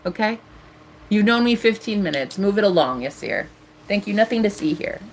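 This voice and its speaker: A woman's voice: mid-range voice, animated, moderate pace, slight background noise. A woman in her thirties ranting defiantly on a live stream as a tarot reader. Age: 30s.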